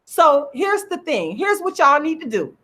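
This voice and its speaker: Furious high-voiced woman ranting. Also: big pitch swings, a little slow, a bit bright. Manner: heated, profane, repetitive, emphatic. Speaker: online commentator. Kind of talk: angry profane vlog rant.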